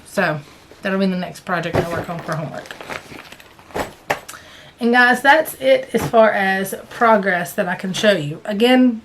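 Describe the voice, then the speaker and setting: A woman talks in a loose, chatty way from her chair at home, rambling a bit and correcting herself often. Her pitch sits in the middle for a woman. A faint hiss lies under the recording. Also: expressive, unhurried, pauses often. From American South. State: hiccups. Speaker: cross-stitch vlogger. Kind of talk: casual chat. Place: indoors, sitting in a stitching chair at home.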